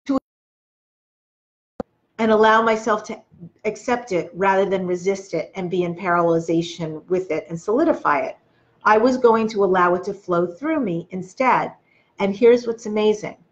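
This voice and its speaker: A woman's voice: medium pitch, a little slow, pauses often, muffled recording. A woman hosting a spiritual self-help video, talking earnestly to her viewers and coaching them through their feelings. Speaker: host. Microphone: webcam or phone video.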